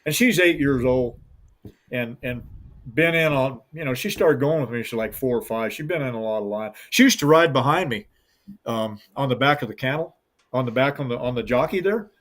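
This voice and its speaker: A man's voice: mid-range voice, lively intonation, normal speed, a bit bright. A middle-aged man who guides hunts with hounds, telling a long story in an interview in a folksy, rambling way and acting out the voices of the people in it.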